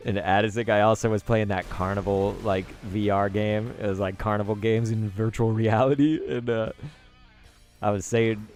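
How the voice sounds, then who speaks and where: A man's voice: lowish voice, fairly even intonation, normal speed, no echo, clean studio sound, faint music behind. Rambling laughing male gaming streamer. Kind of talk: casual live gameplay commentary.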